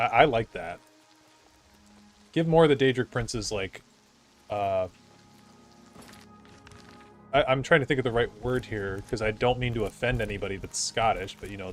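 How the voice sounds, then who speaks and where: A male streamer talks through his game in a loose, rambling way, trailing off into asides. His voice sits on the low side. Faint music plays quietly behind him. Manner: rambling, chatty, with fillers and asides. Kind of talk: casual gaming commentary.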